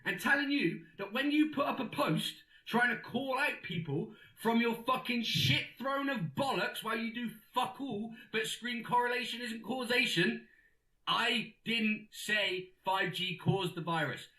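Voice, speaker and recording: A man's voice: very high voice, measured pace, pitched above the performer's own voice, heavily acted. A comedian voicing an abusive, sweary male conspiracy theorist leaving furious voice messages, in an echoey room. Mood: ranting. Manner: abusive, sweary, shouting tirade.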